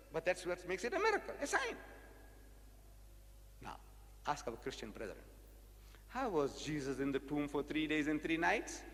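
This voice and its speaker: A man's voice: a little high, fairly bright tone, slight background noise. A man giving a public lecture on religion, rhetorical and emphatic, repeating phrases and mimicking the people he argues against. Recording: long echo of a lecture hall.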